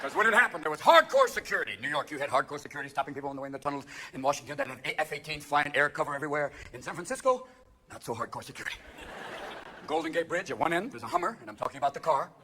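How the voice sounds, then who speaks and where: A man performing live stand-up comedy, manic and shouting, jumping between quick impressions. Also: fairly high pitch, lively intonation. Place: theater stage. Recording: live theater with a laughing audience and noise.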